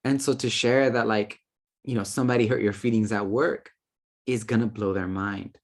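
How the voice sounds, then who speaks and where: A man's voice: lowish voice, fairly even intonation, moderate pace. A man teaching about spirit guides in a loose, conversational way. He is playful and slangy and keeps slipping into quoted asides. His talk is full of fillers.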